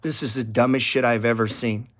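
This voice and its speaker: A man's voice: medium pitch, little pitch movement, brisk, fairly bright tone. A middle-aged man hosting a casual stock trading talk to viewers, blunt and profane, rambling and getting heated. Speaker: stock trading channel host.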